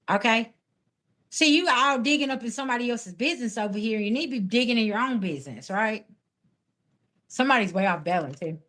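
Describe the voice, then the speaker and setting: A woman talks casually on a live stream. As a spiritual reader, she answers viewer comments head-on in a sassy, blunt manner. Her voice sits a little on the high side. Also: a bit bright.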